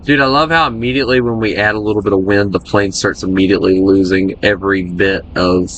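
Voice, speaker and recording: A man's voice: low-pitched, steady tone, fast, fairly bright tone, lo-fi sound, a little hiss or hum. An American man giving casual, joking commentary while he plays a flight game, chatting and rambling between moves. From United States. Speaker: gaming streamer.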